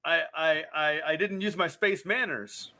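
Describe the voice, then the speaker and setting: Male co-host, casual banter, higher bright voice, playful delivery. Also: unhurried. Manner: jokey, playful, laughs often. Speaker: podcast co-host. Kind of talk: casual chat.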